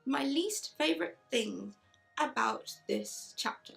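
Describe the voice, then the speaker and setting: A chatty woman reviewing a book, her talk bright with enthusiasm and a somewhat high pitch. Her voice carries a gravelly fry, with faint music underneath. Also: lively intonation, takes it slowly. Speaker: book vlogger. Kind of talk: casual book review with read-aloud passages.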